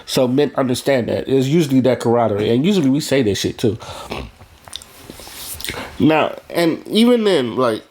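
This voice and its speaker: A man's voice: mid-range voice, lively intonation, moderate pace, pauses often, darkish tone. A man talking bluntly in a casual monologue, profane and rambling, restarting his sentences as he goes. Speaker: vlogger.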